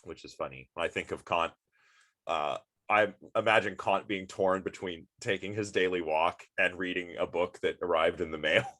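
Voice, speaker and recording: A man's voice: sits low, moderate pace, bright, forceful tone. A man giving a casual philosophy lecture, sleepy and yawning, rambling with many fillers and asides to his students.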